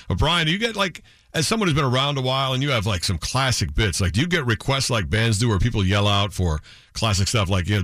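A man's voice: medium pitch, animated, fast, a bit bright, no room sound, studio quality. A man hosting a morning radio show, easygoing, reading station information and asking questions. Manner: easygoing, reads station info.

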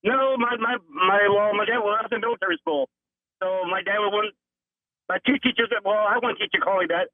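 A middle-aged male caller heard over a tinny phone line. His voice is high for a man. He talks in halting bursts and starts his phrases over and over. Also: no room sound. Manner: halting, repeats himself. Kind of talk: casual phone-in talk.

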